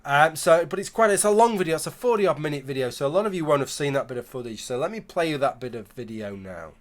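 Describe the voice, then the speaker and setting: Man, fairly high voice, emphatic commentary with wry asides. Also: expressive, quick pace. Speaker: video commentator. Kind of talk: argumentative commentary.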